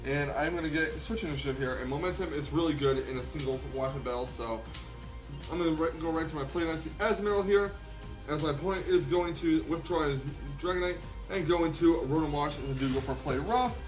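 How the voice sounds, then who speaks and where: A young man hosting a gaming channel, chatting through a game battle with frequent ums and quick self-corrections. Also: fairly high pitch, soft background music. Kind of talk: casual battle commentary.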